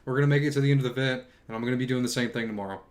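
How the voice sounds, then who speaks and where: A man's voice: mid-range voice, rapid-fire. A man hosting a livestream, casually chatting and reading out viewer comments, sounding a bit tired. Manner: chatty, filler-heavy, reads viewer comments aloud. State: tired from long stream. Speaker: livestream host reading chat.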